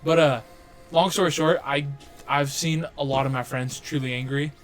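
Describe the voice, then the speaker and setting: A man's voice: a little high, fairly even intonation, moderate pace, faint music behind. A young man co-hosting a casual podcast, rambling and swearing through stories with frequent laughs. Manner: profane, rambling, laughing storyteller. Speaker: podcast co-host.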